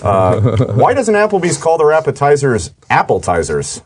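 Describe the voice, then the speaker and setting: A man's voice: fairly high pitch, huge pitch swings, normal speed, a little hiss or hum. A man co-hosting a comedy podcast, reluctantly reading out jokes with hesitant uhs. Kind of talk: casual comedy podcast banter.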